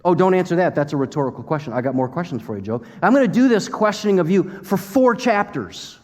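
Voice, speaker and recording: A man's voice: high voice, very animated, quick pace, darkish tone, voice pushed up. A man voicing a sarcastic God who fires rhetorical questions at a mortal with mocking emphasis. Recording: long hall reverb.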